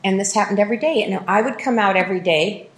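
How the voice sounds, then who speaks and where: A woman's voice: medium pitch, quick pace, roomy sound, low-quality recording. A woman giving a candid personal testimony at a recovery meeting, often laughing at herself as she tells it.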